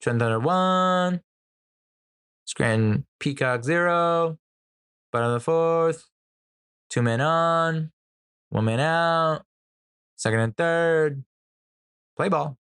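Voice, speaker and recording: A man putting on a kid's voice, pitched way up and stretched slow, hollering the score in a sing-song announcer style. The sound is dry and close. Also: a bit bright, clear, resonant tone, no echo. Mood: gleeful. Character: young boy yelling ballpark announcements.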